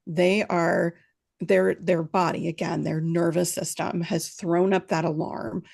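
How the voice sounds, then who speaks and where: A woman answering interview questions as a parenting expert on a video call, explaining calmly and often checking in with a quick "right?". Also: on the low side, vocal fry. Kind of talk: interview answers at a virtual summit.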